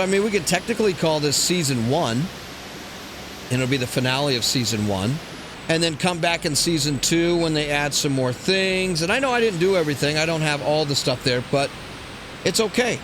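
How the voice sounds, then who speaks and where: A man hosting a let's play, rambling crudely and joking to himself over loud game sounds. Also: fairly high pitch, noisy background. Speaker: gaming channel host. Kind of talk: casual let's play commentary.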